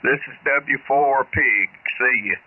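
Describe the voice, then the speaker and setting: An older man from Alabama, speaking over a ham radio link that sounds tinny and narrow, like a phone line. His voice is husky, and he talks in a folksy, plain-spoken way. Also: medium pitch, takes it slowly. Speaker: caller.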